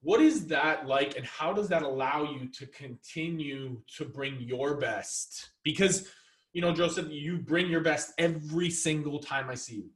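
A male podcast host asking questions in a casual interview, halting with many fillers and restarts. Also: on the high side, fairly bright tone, reverberant, distant mic.

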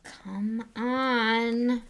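A woman's voice: a little high, fairly even intonation, extremely slow. A woman doing a panicky teenage boy. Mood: cajoling. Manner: shouting and pleading.

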